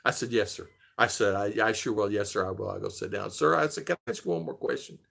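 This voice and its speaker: A man's voice: on the low side, animated, fast talker, creaky, a bit bright, slightly rough. An older man, host of a casual chat stream, rambling through a story and acting out the quoted dialogue with animation.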